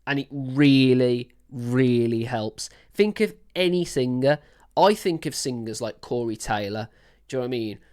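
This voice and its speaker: Picture a woman with a low, deep-set speaking voice hosting a music reaction. She rambles happily, piling on fillers and gushing over what she hears, in a loose and casual commentary. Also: lively intonation, measured pace, a little mellow. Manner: enthusiastic, rambling with many fillers.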